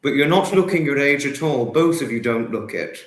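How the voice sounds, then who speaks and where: A man's voice: medium pitch, animated, fairly quick. A young man hosting a casual livestream chat, reading out viewer comments and praising his guests. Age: young adult. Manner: reads out viewer comments, effusive. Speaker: livestream host. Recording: echoey room.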